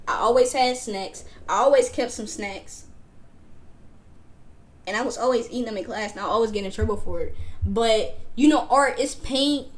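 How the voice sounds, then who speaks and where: A young woman, casually telling a school story to her stream chat in an animated, slangy way. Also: fairly high pitch, moderate pace. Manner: animated, slangy, acts out classmates.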